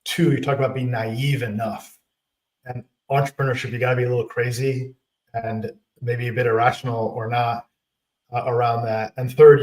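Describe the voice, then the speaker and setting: A man's voice: medium pitch, recorded from a distance. A man hosting a podcast interview, reflecting on and summarizing his guest's points. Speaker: podcast host. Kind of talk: conversational interview. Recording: roomy, set back from the mic.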